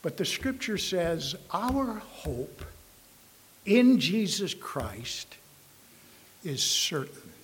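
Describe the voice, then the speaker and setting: Slow, emphatic male preacher. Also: high voice, big pitch swings, fairly bright tone. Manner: slow, emphatic, with many pauses and fillers. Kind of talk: sermon.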